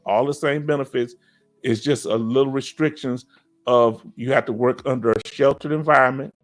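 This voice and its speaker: Faint music accompanies a mid-range, moderately paced voice as a middle-aged Southern man hosts a relaxed live stream for veterans. He goes over viewer comments in an animated, preachy style, asking "you understand?" again and again.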